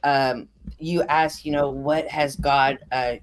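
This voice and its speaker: Woman guest, earnest and animated storyteller, live stream chat. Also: extremely low pitch, takes it slowly. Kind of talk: casual conversation about faith.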